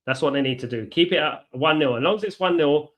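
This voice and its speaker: A man hosting a live football watchalong, chatty, reacting to play and giving shout-outs to viewers. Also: on the high side, quick pace. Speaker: watchalong host.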